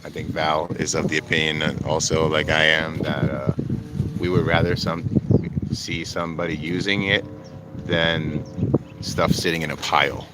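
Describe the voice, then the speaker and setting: A man's voice: very deep voice, little pitch movement, normal speed, heavy background noise. A man chatting casually on a livestream outdoors, rambling with lots of fillers. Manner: rambling, filler-heavy talk. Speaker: vlogger livestreaming from a desert camp. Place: outdoors at a desert skate park camp.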